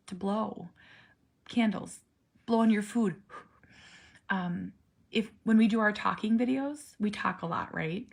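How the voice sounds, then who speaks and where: A woman in her forties, a parent talking casually to camera, earnest and animated, sometimes dropping to a soft near-whisper. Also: medium pitch, vocal fry. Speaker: parent vlogger. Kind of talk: casual personal vlog.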